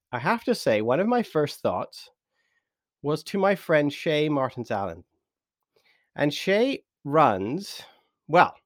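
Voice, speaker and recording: A British man hosting a podcast interview, chatty and animated, laughing easily as he introduces his guest. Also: fairly high pitch, no echo, clean studio sound. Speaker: podcast host.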